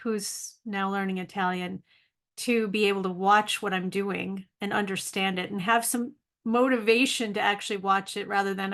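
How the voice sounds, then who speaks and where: Woman, middle-aged, vlog diary, casual monologue, self-deprecating, lots of ums, mid pitch. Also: fairly even intonation, moderate pace, a bit bright. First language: English. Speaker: video diary host.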